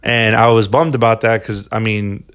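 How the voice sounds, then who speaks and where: A man's voice: fairly low pitch, fairly even intonation, moderate pace, fairly bright tone, clear, resonant tone. A man hosting a podcast alone, talking in a rambling, casual way full of swearing and "dude" and "man.". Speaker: podcast host. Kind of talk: casual solo podcast monologue.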